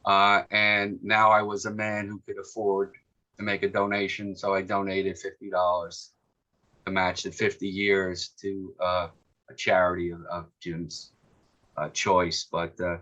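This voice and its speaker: A man's voice: sits low, completely flat delivery, a little slow, sharp tone. A man in his sixties, a guest author telling a long anecdote with many fillers and restarts, with a New York accent. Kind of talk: storytelling in an interview. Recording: muffled lo-fi audio.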